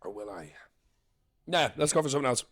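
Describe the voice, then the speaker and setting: A young man, a podcast co-host and comedian, joking and swearing in quick casual banter. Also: mid-range voice, animated. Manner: jokey, swears a lot, quick asides.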